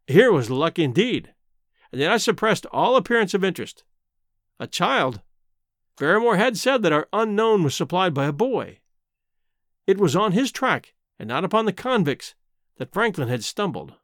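A man narrating a novel as an audiobook, in a measured, expressive storytelling manner. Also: sits high, dry recording, studio quality. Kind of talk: scripted narration.

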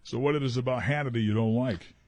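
A man's voice: mid-range voice, fast talker, a little mellow, dry recording. Laid-back male radio co-host. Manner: laid-back, brief agreeing replies. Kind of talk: casual studio banter.

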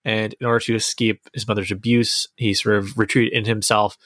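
A man's voice: lowish voice, flat delivery, fairly quick, a bit bright, no room sound, clean studio sound. A man chatting casually as a podcast co-host, enthusiastic and rambling as he reviews a TV series. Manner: enthusiastic, rambling, restarts sentences.

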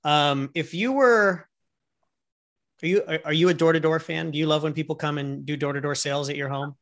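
A man's voice: a little high, brisk. A man, a guest entrepreneur and coach, talking casually in an interview and acting out little scenes as he explains. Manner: animated storyteller who acts out little scenes.

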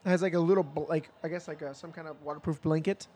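A man's voice: fairly high pitch, fairly even intonation, fast talker, a little mellow. A man telling a long story in a casual chat, rambling with lots of fillers and acting out quoted lines.

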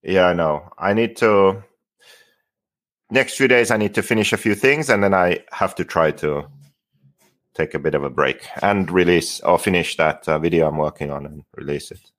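A man's voice: sits low, moderate pace, fairly bright tone. A man on a podcast, giving brief, hesitant replies in casual chat. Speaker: regular co-host.

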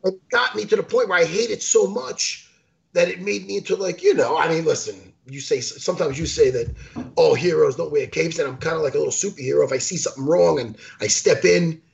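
A man co-hosting a talk show, chatting casually in a rambling, animated way and swearing freely. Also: a little high, brisk, gravelly, lo-fi sound. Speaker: podcast co-host. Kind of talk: casual chat.

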